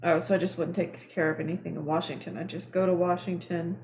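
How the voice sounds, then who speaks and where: Creaky-voiced woman thinking aloud over a game. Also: on the low side, level tone, fast, darkish tone, a little hiss or hum. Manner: thinks aloud, talks through moves. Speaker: board game streamer. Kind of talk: casual game chat.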